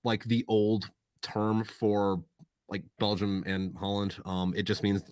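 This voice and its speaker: A man talking as a podcast guest in casual chat, swearing often and rambling through animated stories. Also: lowish voice, takes it slowly, smooth, no room sound, clean studio sound. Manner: profane, rambling, animated storyteller.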